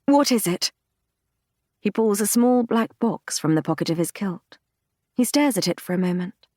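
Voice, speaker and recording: Woman, audiobook narrator, first person, measured intimate reading, mid pitch, dry studio sound. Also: animated, warm tone, no room sound. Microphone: close studio mic, dry.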